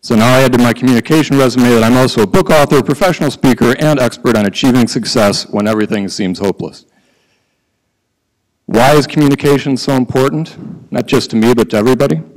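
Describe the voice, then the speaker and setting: A middle-aged man giving a prepared conference talk, who sometimes breaks into fast auctioneer-style patter. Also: medium pitch, long reverb tail, poor audio. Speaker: conference speaker. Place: conference hall.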